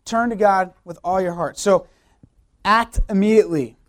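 A man's voice: high-pitched, moderate pace. Emphatic man preaching a sermon. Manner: emphatic, repeats key phrases, rhetorical questions. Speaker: youth pastor.

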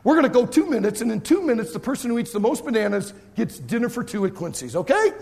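A middle-aged man, a youth pastor, telling a funny story in a sermon and acting out his own shouting and cheering. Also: very high voice, very animated, fast talker, vocal fry, hardly any pauses.

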